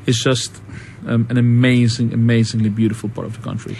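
A man's voice: medium pitch, level tone, a little fast, a little mellow, a little hiss or hum. A man from Malta, a guest on a radio show, talking casually and hesitantly with many ums and enthusiastic asides. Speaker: guest singer.

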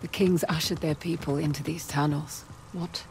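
A woman voicing a bold adult female treasure hunter in video game dialogue, with a low voice and a calm manner. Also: moderate pace, noisy background. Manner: calm, soothing toward an animal. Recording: game audio with loud music.

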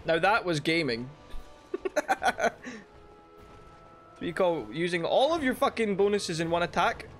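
A man giving let's play commentary, swearing and shouting frustrated outbursts at the game. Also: high voice, lively intonation, measured pace, long pauses, soft background music. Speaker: gaming YouTuber.

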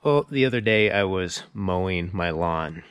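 A man preaching a sermon as pastor, moving from a quiet personal story into emphatic teaching. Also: low voice, expressive, unhurried, heavy background noise. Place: church sanctuary. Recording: echoey church hall.

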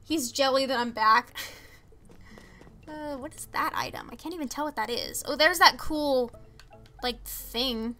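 A woman's voice: high voice, measured pace, pauses often, pushed and bright. A young woman streaming a game, chatting casually with viewers, reading chat aloud and making exasperated asides. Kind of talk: casual live-stream chat while gaming.

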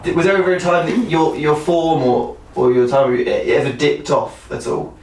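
A man's voice: on the high side, moderate pace, darkish tone. Interviewer man, distant echoey sound. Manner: probing, rephrases questions as he goes. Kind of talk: documentary interview questions. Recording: echoey room, voice from far off, faint room noise.

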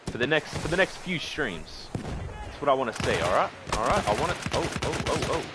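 An Australian man chatting excitably while streaming a shooter game, swinging from loud outbursts to low muttering. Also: a little fast. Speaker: gaming streamer. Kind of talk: live gameplay commentary. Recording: gunfire and battle noise behind.

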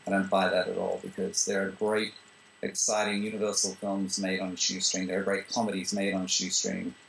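A man from Australia talks through his views in an interview, with a low voice that rasps into fry. He speaks loosely and restarts often, leaning on fillers. A faint noise floor sits under the recording. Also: brisk, poor audio. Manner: relaxed, full of "you know" fillers and restarts. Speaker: screenwriter and director. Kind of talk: interview answers.

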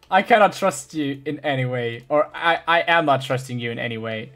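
A young adult German-native streamer, excitable and laughing, swearing and chatting with viewers while playing a game. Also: mid-range voice, moderate pace, few pauses. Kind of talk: live-streamed gameplay chat.

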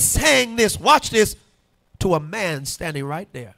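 A male pastor preaching in church, emphatic and call-and-response, rising to shouts. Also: high-pitched, big pitch swings, slow, creaky, no echo. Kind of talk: sermon. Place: church sanctuary.

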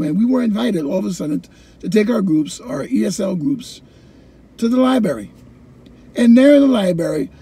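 Animated male storyteller, high, mellow. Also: creaky, breathy edge. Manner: animated storyteller, repeats phrases, voices his own past thoughts. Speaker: ESL teacher. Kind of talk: personal storytelling talk.

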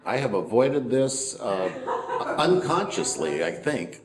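Conversational pastor preaching in an echoey room. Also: male voice, medium pitch, sing-song, takes it slowly, crowd noise. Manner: conversational, with fillers and asides. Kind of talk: sermon. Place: church.

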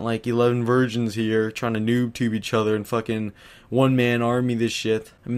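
A young man tears into a comedic rant, swearing constantly and blowing everything out of proportion. His voice sits at an ordinary middle pitch for a man, and he talks like a YouTuber venting straight to his viewers. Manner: profane, exaggerated ranting.

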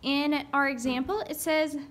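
A young woman teacher giving a recorded writing lesson, saying each word slowly aloud as she writes it down. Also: high voice, fairly even intonation, a bit bright. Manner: slow, dictating words aloud as she writes. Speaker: elementary school teacher.

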